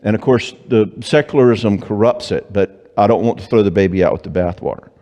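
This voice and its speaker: Man lecturing in a reverberant church hall. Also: fairly low pitch. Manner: animated, joking, acts out clients and spouses in quick voices. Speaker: Christian psychologist speaking at a marriage conference. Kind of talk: conference talk.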